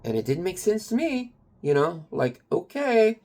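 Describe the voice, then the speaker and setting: A man's voice: high-pitched, big pitch swings, normal speed, darkish tone. A man rambling through a confessional personal story in a casual, loose way, with lots of fillers and some swearing. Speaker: kratom vendor and channel owner.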